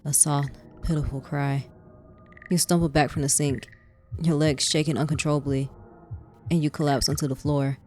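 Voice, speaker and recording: A woman streamer reading a story game aloud with dramatic narration, breaking into loud, squealing reactions. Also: deep voice, flat delivery, normal speed, faint music behind. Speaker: gaming streamer.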